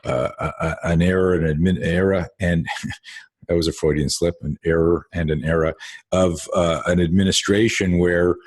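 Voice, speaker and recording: A man's voice: deep voice, steady tone, normal speed. A man hosting a casual conversation, telling rambling stories full of restarts, fillers and swearing. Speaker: host.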